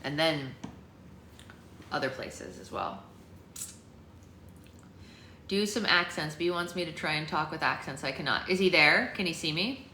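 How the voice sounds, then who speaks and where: Playful woman hosting a bright live chat. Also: sits low. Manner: playful, quick to laugh. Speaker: book club host. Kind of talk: casual livestream chat. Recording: echoey room with faint noise.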